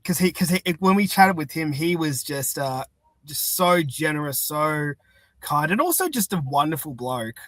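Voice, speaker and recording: An enthusiastic man hosting a casual interview, full of fillers and restarts. His voice sits fairly high and sounds dry and close, with no room echo. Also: very animated, normal speed, a bit bright. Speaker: podcast host.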